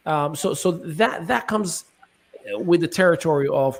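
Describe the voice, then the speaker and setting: A passionate man hosting a casual panel discussion, with a voice a little higher than most men's. He builds his points with repeated, preachy phrases and restarts often. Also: measured pace. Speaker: host.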